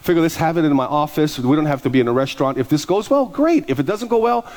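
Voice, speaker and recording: A man's voice: fairly high pitch, lively intonation, fast, a little mellow. A male pastor preaching a storytelling sermon, acting out both sides of conversations.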